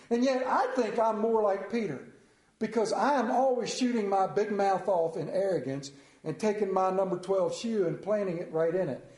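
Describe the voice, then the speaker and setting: A man's voice: high-pitched, a little mellow, reverberant, poor audio. A middle-aged male pastor preaching a sermon, telling stories with self-mocking humor.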